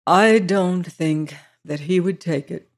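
A reader voicing a calm gentleman who speaks in a detached, thoughtful way. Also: medium pitch, measured pace, lightly acted.

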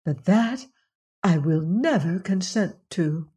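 A woman voicing a gentle, polite young princess in a storybook reading, speaking softly. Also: lowish voice, animated, slow, breathy edge, heavily acted. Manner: soft and polite.

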